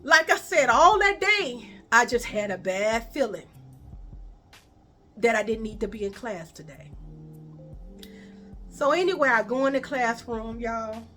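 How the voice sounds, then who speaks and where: High bright Chicago woman telling a story. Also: a little slow, pauses often, faint music behind. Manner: animated, profane, addresses viewers as y'all. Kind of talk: storytime vlog.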